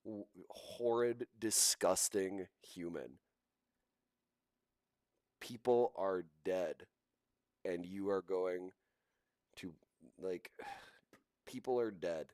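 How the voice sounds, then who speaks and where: Man, livestream host, indignant, repetitive, scornful laughs, low voice, dry close sound. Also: extremely slow, pauses often, a little mellow, no echo. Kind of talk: live reaction commentary.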